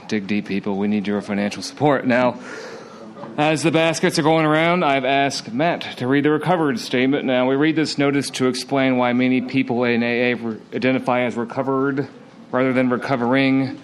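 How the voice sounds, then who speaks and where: A man serving as meeting secretary, reading announcements in a brisk, matter-of-fact way. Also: mid-range voice, steady tone.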